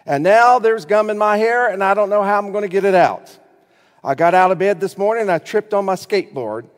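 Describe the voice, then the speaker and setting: A grumpy little boy of six, slowly grumbling through every misfortune of his day, as a man reads him aloud from a storybook. The voice sits a touch high and carries a long hall reverb. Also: natural voice. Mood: sulky. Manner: slow, sulky storybook reading.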